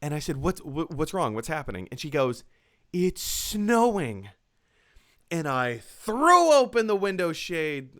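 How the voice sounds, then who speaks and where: A man hosting a casual movie news show, excitable and chatty as he tells stories. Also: fairly high pitch, fairly quick, hardly any pauses. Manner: excitable, storytelling. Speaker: host. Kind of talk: casual chat. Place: apartment.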